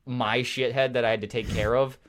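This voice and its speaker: A man's voice: medium pitch, steady tone, brisk. Give me a man co-hosting a casual podcast, rambling and cursing as he tells stories. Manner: rambling storyteller, lots of cursing and restarts. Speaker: podcast co-host.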